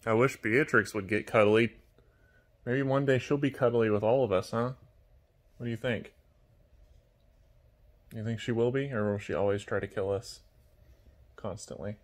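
A man in a casual home vlog, talking gently to his pet birds and to viewers. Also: fairly low pitch, normal speed. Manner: gentle, soft-spoken, cooing to birds. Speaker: vlogger, toucan keeper.

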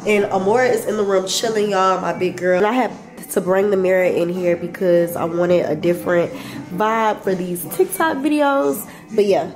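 A woman's voice: mid-range voice, normal speed, a little mellow, faint music behind. A young woman, a mother, chatting casually to her viewers in a home vlog while sick and achy, calling them "y'all" at every turn. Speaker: lifestyle vlogger and mother. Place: at home, in a bedroom.

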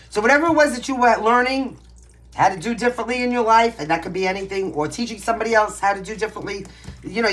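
A woman's voice: on the low side, slight background noise. A woman from Brooklyn with a Brooklyn accent, giving a casual tarot reading from home in a blunt, brash, emphatic way. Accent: Brooklyn New York. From Brooklyn, New York. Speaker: tarot reader. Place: home, pets nearby.

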